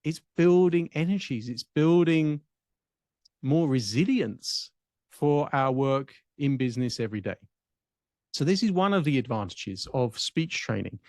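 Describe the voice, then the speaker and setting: Measured English-accented male speech coach. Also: a little high, a little mellow, no room sound, clean studio sound. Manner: measured, deliberate, with long pauses. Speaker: speech and public speaking coach. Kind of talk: reflective teaching monologue.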